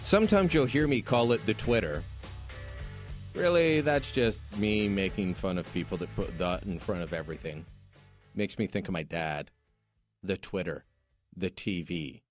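A man's voice: fairly low pitch, normal speed, faint music behind. A man hosting a talk radio show, speaking in an opinionated, jokey, conversational way. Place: radio studio.

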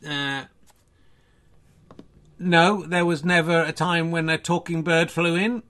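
A man's voice: on the high side, steady tone, slow pace, sharp tone. A man voicing his own smug alter ego, a breezy, self-satisfied snooker player.

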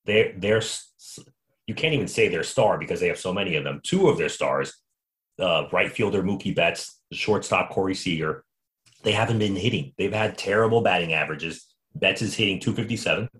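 A man with a somewhat low voice hosts a casual sports podcast. He talks in an animated, quick way and often restarts his sentences as he tells a story. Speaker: podcast host.

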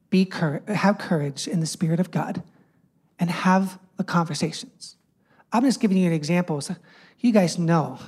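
A man in his thirties, a youth pastor, preaching a sermon in a conversational, joking storytelling way. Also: high voice.

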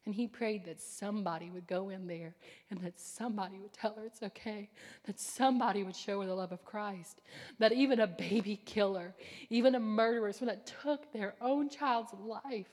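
A woman preaching a sermon with fervor, swinging between loud declarations and hushed whispers. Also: medium pitch, moderate pace. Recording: long hall reverb.

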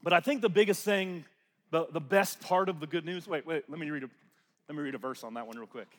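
A man preaching a sermon in church. He moves between loud proclaiming and hushed, almost whispered lines, repeats phrases, and leads the congregation in call-and-response. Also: a little high, fast, in a large hall.

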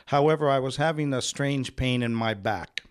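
A man's voice: medium pitch, moderate pace, clear, resonant tone. Earnest storytelling radio pastor, a man. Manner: earnest, storytelling, humorous asides. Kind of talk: personal testimony on a radio show. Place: radio studio.

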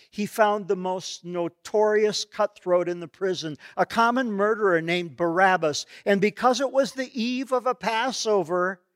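A man's voice: sits high, no echo, clean studio sound. A man preaching a sermon, retelling a story in a vivid, solemn and dramatic way.

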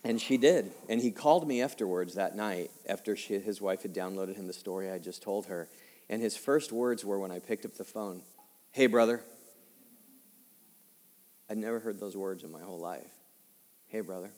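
Low-voiced male pastor in a reverberant hall. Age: 50s. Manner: conversational, drops quiet and slow for heavy moments, rises for emphasis. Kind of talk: personal-story sermon.

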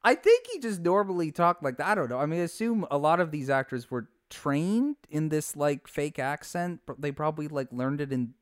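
A fairly high male voice, eager and chatty, tossing out quick asides. The sound is dry and close, with no room around it. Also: big pitch swings, no room sound. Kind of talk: casual chat about voice actors.

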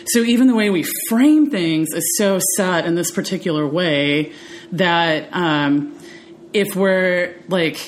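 Woman with a lowish voice chatting on a podcast, lots of "like" and "um", bit of hiss. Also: slow pace. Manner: chatty, animated storytelling with many fillers. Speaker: podcast co-host. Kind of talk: casual chat.

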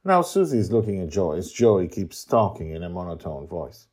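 A man hosts a podcast and reads his fantasy story aloud with playful theatrical flair. His voice sits fairly low, yet it swoops with very lively ups and downs. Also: normal speed, hardly any pauses, dull audio. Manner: playful and theatrical, with sing-song interjections.

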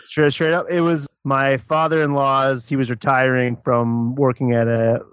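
A man's voice: medium pitch, flat delivery, a little slow, a bit bright, clear, resonant tone, dry recording. A man from Canada co-hosting a casual podcast, laid-back, laughing often and swearing. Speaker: podcast co-host.

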